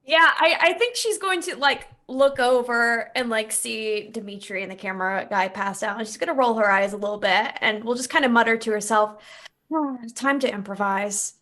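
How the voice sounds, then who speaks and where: A woman's voice: fairly high pitch, brisk, few pauses, bright, forceful tone. A woman as a player in a tabletop role-playing game, chattily describing what her character does.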